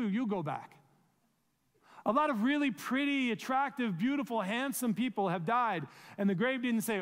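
A male pastor preaching a sermon, earnest and pleading, asking his listeners rhetorical questions. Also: sits high. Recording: long reverb of a large room.

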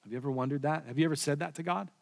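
A man preaching a sermon in a church, telling the story with swings from loud to hushed. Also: on the high side, rapid-fire, creaky. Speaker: pastor. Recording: long reverb of a large hall.

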